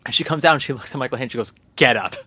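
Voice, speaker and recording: A young man hosting a podcast in casual chat, animated and profane, acting out quotes in little voices. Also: medium pitch, very fast, breathy edge, dry recording. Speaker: podcast host.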